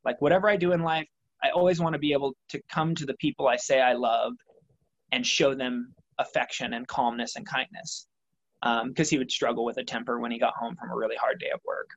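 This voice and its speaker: A man's voice: medium pitch, level tone, brisk. Reflective man, slightly dull recording. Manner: thoughtful, rambling with many fillers. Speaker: interview guest, triathlete. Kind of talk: reflective conversational interview.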